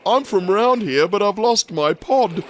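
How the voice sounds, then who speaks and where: A man voicing a friendly, lonely female blue whale in a high sing-song voice. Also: lively intonation, a little slow, a little hiss or hum.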